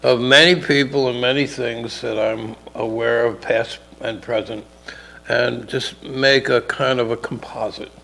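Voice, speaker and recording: A middle-aged man tells a loose, meandering story on a casual talk show, slipping into the voices of its characters. His voice has a gravelly edge and sits at an ordinary pitch. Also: fairly even intonation, unhurried, sharp tone, a little hiss or hum, low-quality recording. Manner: rambling, acts out characters in dialogue. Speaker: podcast co-host telling a story.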